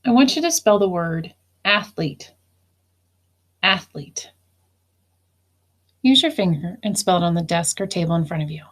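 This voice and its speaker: A woman's voice: fairly low pitch, lively intonation, a little slow, pauses often. A woman teacher giving a recorded phonics lesson, spelling words out letter by letter and explaining each syllable.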